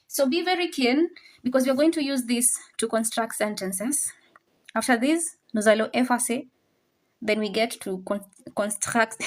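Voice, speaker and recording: A woman teaching a French lesson, saying each word slowly and repeating it for learners to copy. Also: fairly high pitch. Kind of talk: classroom language lesson.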